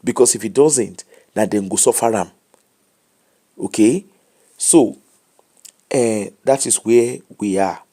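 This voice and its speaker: A man's voice: on the low side, slow, pauses often, mellow. A tired man with a Nigerian accent hosting a late live show, giving casual commentary and advice in English mixed with Pidgin.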